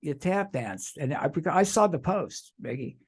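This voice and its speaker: Husky older male talk host. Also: on the high side, expressive, moderate pace, darkish tone. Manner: rambling anecdotal storytelling with restarts. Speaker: radio talk show host. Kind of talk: casual interview chat.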